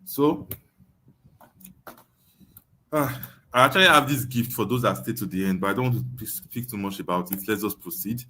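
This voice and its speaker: A man's voice: on the low side, moderate pace, pauses often, pushed and bright, a little hiss or hum. A young adult Nigerian man teaching an online webinar, emphatic, repeating his points and often asking "you understand?". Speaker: online course tutor.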